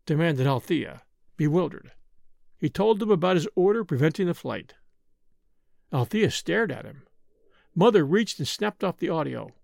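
A man reads a story aloud with dramatic expression. His voice sits fairly high with a gravelly texture, and the sound is dry and close. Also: lively intonation, normal speed, long pauses, darkish tone, dry recording. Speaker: narrator. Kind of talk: audiobook narration.

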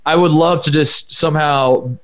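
An American man co-hosting a podcast, chatting casually about sports with lots of restarts and animated asides. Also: a little high, normal speed, clear, resonant tone. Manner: rambling, animated, many restarts. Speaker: podcast co-host.

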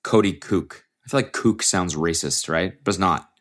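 Low-voiced rambling, swearing podcast host. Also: male voice, normal speed, fairly bright tone. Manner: rambling, profane, self-interrupting. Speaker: podcast host and aspiring comedian. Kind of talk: casual solo podcast monologue.

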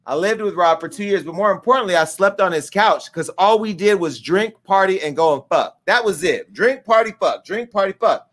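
A man's voice: sits high, expressive, a little fast, hardly any pauses, fairly bright tone. A man hosting a live-streamed show, talking in brash, profane, rambling banter with his audience and crew. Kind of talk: casual live-stream talk.

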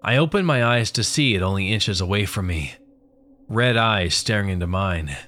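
A man reads a first-person horror tale aloud with a fairly low voice. His telling stays steady and grim throughout, letting the gore land without fuss. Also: normal speed. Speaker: narrator.

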